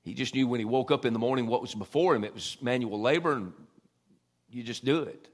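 A man preaching a sermon in a church, swelling loud and dropping soft. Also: medium pitch, brisk. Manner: folksy Southern preaching, swells loud then drops soft. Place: church sanctuary.

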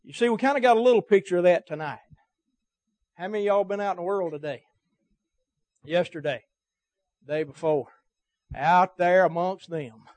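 A man's voice: high voice, brisk, pauses often, darkish tone, no room sound. A man preaching a sermon to his church, emphatic and cadenced, his volume swelling and dropping. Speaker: pastor. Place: church service.

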